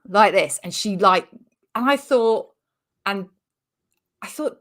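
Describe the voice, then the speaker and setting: A British woman comedian in her forties, telling a sweary, animated anecdote in casual chat over a remote call. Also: mid-range voice, slow pace, pauses often. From Britain. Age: 40s. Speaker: comedian guest.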